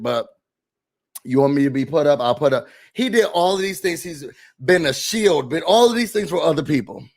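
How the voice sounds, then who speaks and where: A man hosting a casual reality show recap, sassy and animated, mocking the people he talks about. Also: high-pitched.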